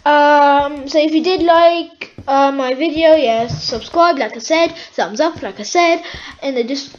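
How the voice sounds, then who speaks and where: A woman giving casual, excitable commentary while playing a shooter game, pleading with the game and cheering her kills. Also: sits high, a little slow, dull audio. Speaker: gaming YouTuber.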